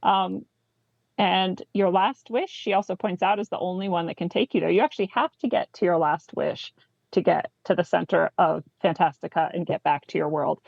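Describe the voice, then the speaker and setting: Woman co-host, low and gravelly, keen book-club talker; dry, muffled audio. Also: darkish tone, no echo. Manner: enthusiastic, frequent "right?" asides. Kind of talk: casual book discussion, reading passages aloud.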